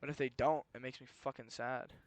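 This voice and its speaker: A young man ranting in a rambling, profane solo monologue, moving between low muttering and heated outbursts. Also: steady tone, a little fast, no echo. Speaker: solo podcast host. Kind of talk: rambling late-night monologue.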